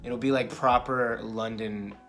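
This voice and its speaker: Relaxed young man vlogging over guitar. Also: medium pitch, a little slow. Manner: relaxed, rambling, jokey. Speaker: vlogger, English teacher in Korea. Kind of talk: casual chat. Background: guitar music.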